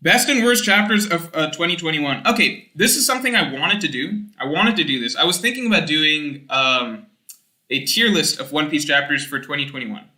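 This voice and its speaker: A young man streaming, reading chat aloud and rambling in casual, animated talk with some swearing. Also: on the high side, normal speed, echoey room.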